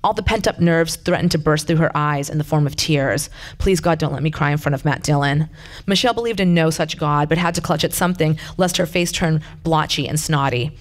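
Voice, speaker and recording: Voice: mid-range voice, fairly quick. A reader reading a story aloud in a plain, conversational way, with occasional asides.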